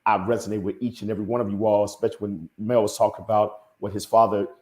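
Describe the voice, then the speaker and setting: A middle-aged man with a fairly low voice tells a personal story in a heartfelt, halting way, repeating words as he goes. His voice carries an echoey room sound. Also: little pitch movement, a little mellow. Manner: earnest, heartfelt, halting repetitions. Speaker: panel guest.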